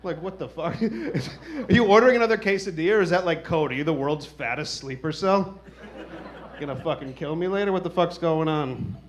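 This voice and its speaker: A man's voice: fairly high pitch, lively intonation, fairly quick. A man in his thirties doing a stand-up comedy set, telling stories in a casual, profane, wry way. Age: 30s.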